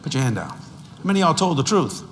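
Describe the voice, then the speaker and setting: A man in his sixties preaching a sermon, animated and storytelling, with sudden shouts and slow, drawn-out emphasis on key phrases. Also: a little high, big-room sound, heavy background noise. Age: 60s.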